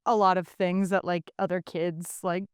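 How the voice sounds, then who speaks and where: A woman co-hosting a podcast, casually recapping a book in animated, profanity-laced chat. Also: lowish voice, clear, resonant tone, no room sound, studio quality. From Britain. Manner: profane, animated, fast asides. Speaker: podcast co-host.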